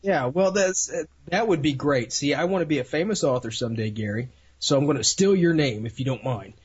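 A man's voice: a little high, animated, a little fast, slightly rough. A man co-hosting a radio show, joking and teasing the guest in casual banter. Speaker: radio co-host. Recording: dull lo-fi radio sound.

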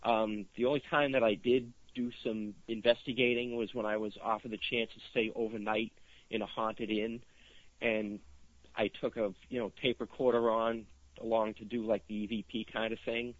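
A man from Cape Cod, a guest author, telling a story in a casual radio interview with many fillers and pauses. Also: fairly low pitch, little pitch movement, no room sound. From Cape Cod, Massachusetts. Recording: dull lo-fi radio sound.

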